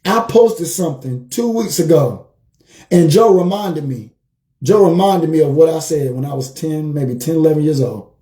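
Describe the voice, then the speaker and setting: A man with a very dark, mellow voice that sits slightly high for a man. He talks as a life coach on a livestream, telling animated stories and repeating key phrases for emphasis. The room gives his voice a roomy echo. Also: moderate pace. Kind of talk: motivational livestream talk.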